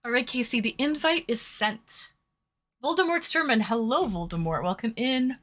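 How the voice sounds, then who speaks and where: A woman with a fairly high pitch and fairly bright tone speaks at normal speed. She's a streamer from Massachusetts with a Massachusetts accent who hosts online dates, eating while she chats on a webcam mic during a casual livestream. She's chatty, reads chat aloud and eats between words.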